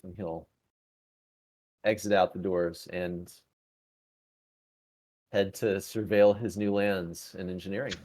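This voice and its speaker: A man, a player in a tabletop game, narrating his character's actions in a slow, measured way. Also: low-pitched, steady tone, a little mellow.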